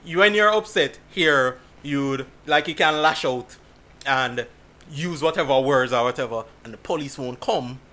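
A man from Jamaica, chatting casually and telling stories in an animated way, laughing often. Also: medium pitch, unhurried. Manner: animated storytelling with frequent laughs. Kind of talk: casual chat.

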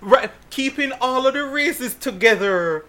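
A man from Jamaica, chatting casually and telling stories in an animated way, laughing often. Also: very high voice, measured pace. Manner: animated storytelling with frequent laughs. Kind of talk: casual chat.

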